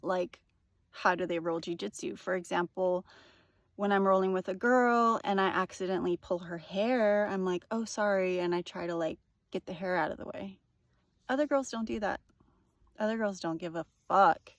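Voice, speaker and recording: A woman's voice: lowish voice, moderate pace, no room sound. A young woman telling a personal story in a casual, rambling monologue, full of fillers and swearing. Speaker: vlogger.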